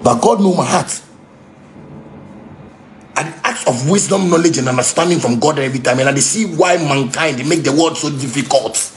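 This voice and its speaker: A man's voice: fairly high pitch, moderate pace, a little hiss or hum. Angry man with Ghanaian Pidgin accent. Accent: Ghanaian Pidgin English. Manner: heated, repetitive, shouting at times. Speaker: musician ranting on a livestream. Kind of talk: angry unscripted rant.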